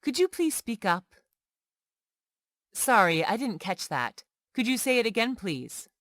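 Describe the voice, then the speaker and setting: A woman reading everyday English example sentences one by one for learners, slow and clear. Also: fairly high pitch, dry recording, studio quality. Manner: slow, clear, lively intonation on questions. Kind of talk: slow scripted reading of phrases.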